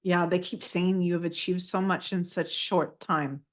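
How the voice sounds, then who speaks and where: A woman giving a live channeled spiritual reading, gentle and affirming, often repeating phrases as she passes messages on. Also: fairly low pitch, steady tone, normal speed.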